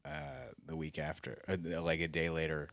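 A man's voice: very deep voice, monotone, fairly quick, a bit bright, no room sound. Rambling, self-mocking man in his forties. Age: 40s. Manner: rambling, self-deprecating, lots of "like" and "uh". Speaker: stand-up comedian guest. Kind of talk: casual podcast chat, storytelling.

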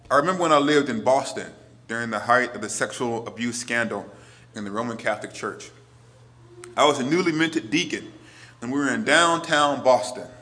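A priest in his forties preaching a sermon, earnest, moving between emphatic lines and hushed ones. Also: medium pitch.

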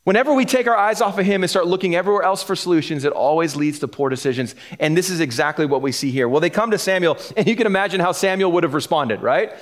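A man with a fairly high voice delivers a sermon, walking through scripture verse by verse. He keeps it conversational, dropping in asides and little chuckles between his points. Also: fast talker, few pauses. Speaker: pastor.

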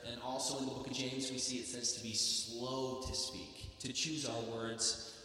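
A man's voice: medium pitch, flat delivery, normal speed, pushed and bright. A young man with a Southern US accent, a youth pastor preaching a sermon, chatty and joking with the congregation. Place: large church hall. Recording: echoey hall, mic at a distance.

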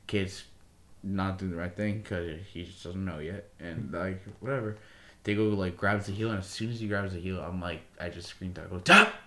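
Man, low-pitched, casual podcast chat, rambling, filler-heavy, profane, referee stories. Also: steady tone, normal speed. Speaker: podcast co-host, grappling referee.

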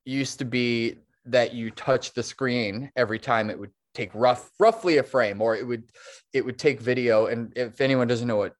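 A man's voice: medium pitch, fairly even intonation, moderate pace. A man talking as a guest on a podcast interview, rambling and restarting his sentences, laughing easily. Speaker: guest, stop-motion animator.

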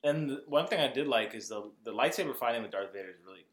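A man's voice: mid-range voice, lively intonation, fast talker, fairly bright tone, reverberant. A man co-hosting a podcast, chatting casually about a movie, filling his talk with "like" and laughing often. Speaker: podcast co-host. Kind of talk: casual movie review chat.

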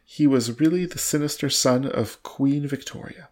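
Man reading as a vague, proud gentleman host. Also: mid-range voice, moderate pace, voice pushed up, close to an everyday voice. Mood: offhand. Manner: airy, offhand.

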